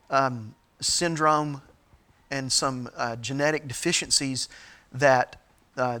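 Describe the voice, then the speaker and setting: A middle-aged man as a pastor, giving a sermon-style teaching talk, halting with frequent fillers and restarts. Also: mid-range voice, pushed and bright.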